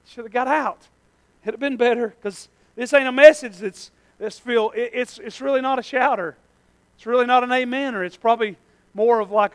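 Guy with a real high voice preaching, repeats himself a lot, gets fired up. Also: fairly bright tone, clear, resonant tone. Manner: impassioned preaching, rising and falling in intensity; repeats phrases for emphasis. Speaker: pastor. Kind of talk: sermon.

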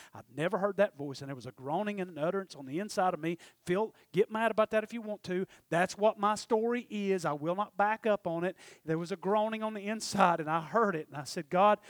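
A man preaching a testimony, storytelling with passion and swinging from loud to hushed. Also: sits high, no room sound. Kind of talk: sermon testimony.

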